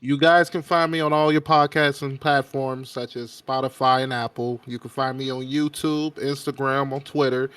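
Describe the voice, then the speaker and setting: A man guesting on a casual anime podcast, relaxed as he plugs his own show. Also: mid-range voice, moderate pace, few pauses, clear, resonant tone, dry recording.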